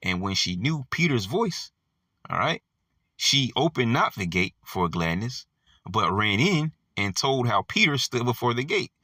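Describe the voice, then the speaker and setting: A man's voice: medium pitch, sing-song, measured pace, pushed and bright, dry recording, recorded from a distance. A man leading an informal bible study, reading verses and explaining them in a conversational, slangy way with frequent check-ins. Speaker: bible teacher.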